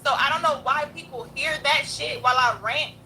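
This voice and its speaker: A woman's voice: high-pitched, a little fast, pushed and bright, a little hiss or hum, poor audio. A young adult woman hosting a livestream, ranting in a blunt, profane, combative way. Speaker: livestream host. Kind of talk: heated livestream rant.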